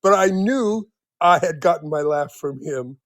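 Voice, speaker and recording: A man's voice: a little high, expressive, a little slow, no room sound, clean studio sound. A man in his seventies telling stories as an interview guest, rambling with many restarts and frequent laughs. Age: 70s. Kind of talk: casual storytelling in an interview.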